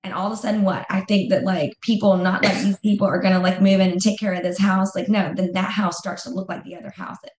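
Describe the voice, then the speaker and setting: A woman's voice: mid-range voice, steady tone, quick pace, hardly any pauses, darkish tone, roomy sound. A woman speaking as an interview guest in a candid conversation, emphatic and repeating phrases for effect.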